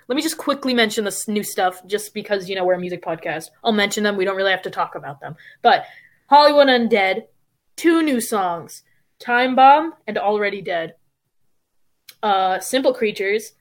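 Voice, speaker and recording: A young woman co-hosts a casual music podcast. She sounds laid-back and rattles through her list of new releases quickly. Her pitch is in the ordinary middle range. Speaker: podcast co-host.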